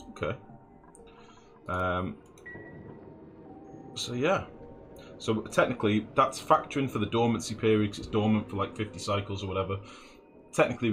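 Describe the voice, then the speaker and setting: Over game music and some background noise, a man with a lowish voice provides easygoing let's play commentary. He thinks aloud as he goes, mutters numbers under his breath, and swears from time to time.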